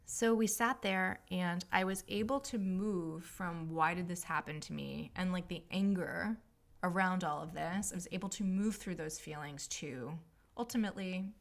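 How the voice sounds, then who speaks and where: A woman's voice: on the low side, a little slow. A woman spiritual healer telling a personal story in a rambling, emotional, casual monologue. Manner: rambling, emotional, filler-heavy.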